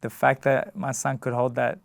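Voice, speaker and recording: Man, boxer, halting casual interview talk, smooth voice, dry close sound. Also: mid-range voice, little pitch movement, no room sound. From Australia. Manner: halting, many restarts and fillers. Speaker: guest, boxer.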